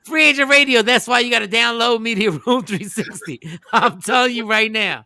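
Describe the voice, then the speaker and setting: A man hosting a morning radio show, joking and telling animated stories in casual banter. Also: very high voice, normal speed, no echo.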